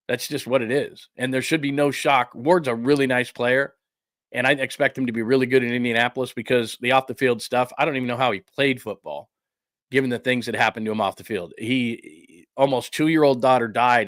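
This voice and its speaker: A man hosting a solo sports podcast, giving blunt, opinionated, rapid-fire commentary. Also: mid-range voice, dry recording, studio quality.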